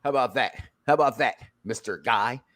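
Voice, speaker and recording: A man's voice: medium pitch, a little fast, a bit bright. A man hosting a casual reality-show review chat, joking and rambling, often restarting his sentences. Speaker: podcast host.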